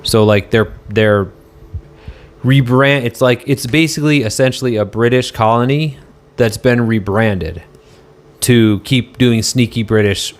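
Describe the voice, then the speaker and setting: A man's voice: medium pitch, a little slow. A man on a casual live stream, answering chat in a rambling, argumentative way and swearing now and then.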